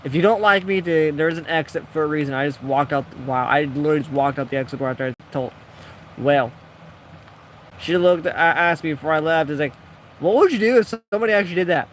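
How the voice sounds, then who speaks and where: A man's voice: on the high side, quick pace, slight background noise. A man casually telling a rambling, jokey story while building in a game, acting out the people he quotes. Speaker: gaming video creator.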